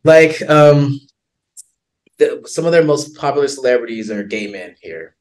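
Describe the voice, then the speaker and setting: An American man with an American accent, a podcast guest talking in a casual, animated way, laughing often and using many fillers. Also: mid-range voice, a little slow. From United States. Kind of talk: casual interview chat.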